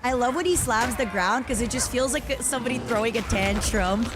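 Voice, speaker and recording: A woman streaming a video game, chatting in a playful, animated, rambling way. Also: fairly high pitch, a little fast, few pauses, music in the background. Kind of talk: casual gameplay chat.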